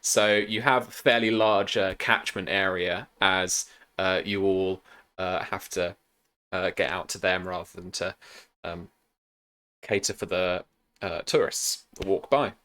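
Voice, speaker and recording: Rambling, sweary game master. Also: male voice, low-pitched, steady tone, unhurried, bright, forceful tone. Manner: rambling, sweary, full of fillers. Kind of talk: improvised tabletop game narration.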